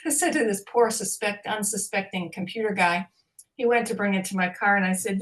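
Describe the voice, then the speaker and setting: A woman in casual conversation, telling a personal story in an animated way and laughing along. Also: mid-range voice, brisk.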